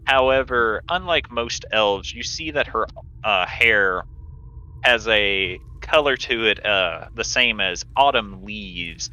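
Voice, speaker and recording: A man's voice: lowish voice, lively intonation, takes it slowly, bright, forceful tone, highs cut off. A man narrating a tabletop game as game master, describing scenes with small restarts.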